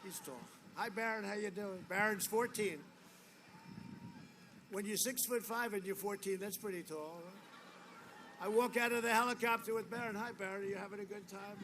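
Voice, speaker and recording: A man giving a rambling, boastful campaign rally speech, repeating his lines often, on a podium microphone outdoors. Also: high voice. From United States. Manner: boastful, repetitive, rambling asides. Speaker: political candidate. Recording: noisy outdoor rally feed.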